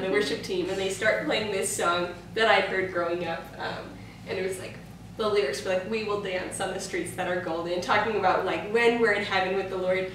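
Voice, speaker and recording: A woman co-hosting a book club chat, telling a personal story animatedly with fillers and laughs. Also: medium pitch. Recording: echoey room, far from mic, faint noise.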